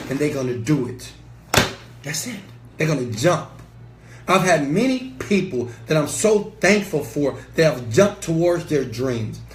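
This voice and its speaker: A man giving a passionate, preachy motivational talk to camera as an entrepreneur and mentor, emphatic and sometimes swearing. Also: on the high side. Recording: echoey room with faint ambient noise.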